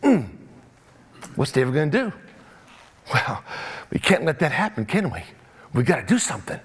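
A man's voice: a little high, sing-song, moderate pace, slightly rough. A man preaching a sermon, emphatic, full of rhetorical questions and repetition.

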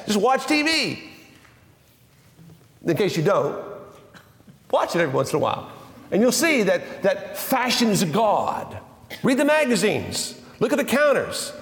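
A man preaching a sermon, emphatic and repetitive, dropping his voice low and slow for scripture. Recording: echoey hall with long reverb.

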